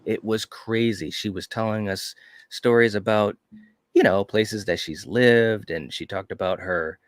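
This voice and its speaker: A man's voice: fairly low pitch, steady tone, measured pace, dry recording, studio quality. A man co-hosting a casual chat, telling stories with enthusiasm and lots of "you know". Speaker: podcast co-host.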